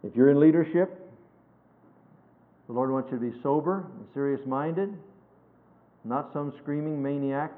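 A man preaching a sermon, emphatic, swinging between loud stresses and hushed phrases and quoting scripture in a measured cadence. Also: a little high. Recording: tinny phone-like sermon recording.

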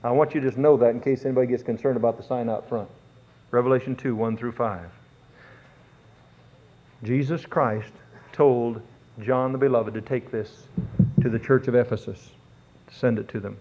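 Man preaching over a tinny line. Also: mid-range voice. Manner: preaching with drawn-out emphatic words and rising fervor. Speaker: pastor. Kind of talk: sermon. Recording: tinny phone-like sound.

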